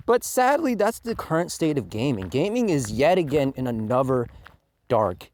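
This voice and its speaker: A man giving a profane, exaggerated game review rant, veering from loud outraged outbursts to low muttered asides. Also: sing-song, normal speed.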